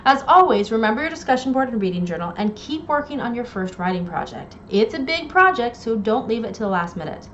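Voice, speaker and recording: A woman English instructor giving a recorded lecture, explaining terms clearly and reading poems aloud. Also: a little high, sing-song, a little fast, few pauses. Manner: clear explanatory delivery with quoted poem readings. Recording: dull lo-fi audio, faint noise.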